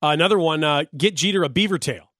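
Give me a joking, animated male sports radio host, slightly high, on a dry studio mic. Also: quick pace, dry recording. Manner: joking, animated, laughs often. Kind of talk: sports talk radio chat. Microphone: studio microphone.

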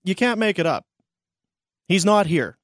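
A man's voice: high-pitched, expressive, a little slow, no room sound. A man hosting a morning radio show, teasing his co-hosts with dry humor in casual banter. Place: radio studio.

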